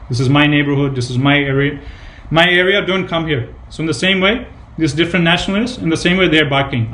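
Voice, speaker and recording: A man's voice: fairly high pitch, steady tone, a little fast, few pauses, fairly bright tone. A man giving a devotional scripture class, retelling anecdotes with emphatic repetition and casual fillers. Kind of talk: devotional sermon with retold anecdotes.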